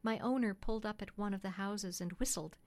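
A woman narrating a classic storybook in a steady, gentle, measured way. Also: mid-range voice. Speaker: audiobook narrator.

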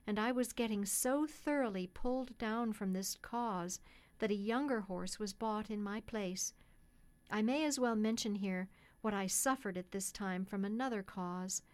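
A woman calmly narrating a classic storybook in the first person, in a measured way. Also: medium pitch. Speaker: audiobook reader.

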